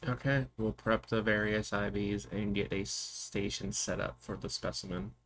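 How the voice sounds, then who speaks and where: A man narrating as game master of a tabletop game, describing scenes calmly. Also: fairly low pitch, moderate pace.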